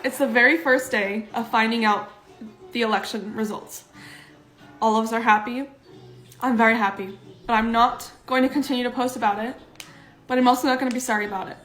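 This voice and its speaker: A young woman in an emotional vlog, her voice straining as she fights back tears. Her voice sits a little high, and the room gives it a noticeable echo. Soft music plays faintly underneath. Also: steady tone, fairly quick, long pauses. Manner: tearful, voice breaking, trying not to cry.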